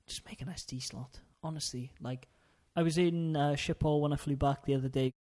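A man's voice: a little high, steady tone, brisk, a little mellow. A man co-hosting a podcast, talking about games in a rambling, chatty way with lots of ums and laughs. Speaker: podcast co-host. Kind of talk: casual chat.

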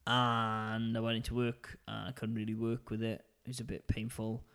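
A man's voice: on the low side, completely flat delivery, normal speed, a bit bright, smooth. A man co-hosting a podcast, telling a long story in a chatty, self-mocking way. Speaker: podcast co-host. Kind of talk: casual chat.

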